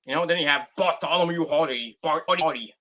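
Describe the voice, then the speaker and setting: A man's voice: a little high, brisk, bright, forceful tone, lo-fi sound. A man giving a rambling, profane and exasperated review of a wrestling show. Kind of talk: casual rant review.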